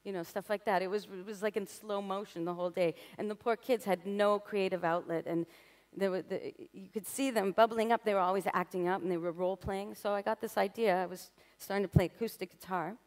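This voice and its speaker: A woman's voice: medium pitch, steady tone, a little fast. A woman telling personal stories on stage in a candid, self-mocking way, laughing at herself now and then. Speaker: artist giving a talk. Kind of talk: personal storytelling lecture. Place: stage in front of an audience.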